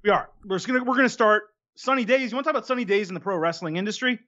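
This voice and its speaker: A man with a high, bright, tense voice hosts a podcast from a studio. He keeps the conversation moving and throws in dry jabs. The sound is slightly dull and lo-fi. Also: racing. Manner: steering the talk, dry teasing. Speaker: podcast host. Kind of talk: casual podcast chat.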